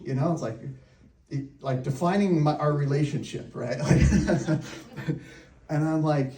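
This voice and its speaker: A man with a fairly high voice tells a story to a live audience. He talks in an animated way and laughs often. The room is echoey and the mic sits a little way off. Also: normal speed, far from the mic, a little hiss or hum. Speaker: real estate coach.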